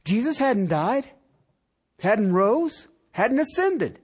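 A man preaching a sermon, asking the congregation direct questions and swinging from loud emphatic lines to quiet ones. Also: high-pitched, sing-song, slow, breathy edge. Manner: talks straight to the congregation with rhetorical questions. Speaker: pastor.

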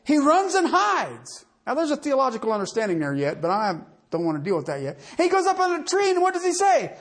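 A lively preacher mid-sermon, the voice climbing and dropping across a wide range. The delivery is folksy and conversational, built on rhetorical questions tossed out to the listeners. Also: high voice, a little fast, few pauses.

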